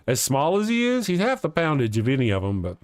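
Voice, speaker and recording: A man's voice: on the high side, wildly swooping pitch, fast talker, no room sound. A man hosting a live stream in casual chat, rambling and chuckling as he reads viewer comments aloud. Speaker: live-stream show host.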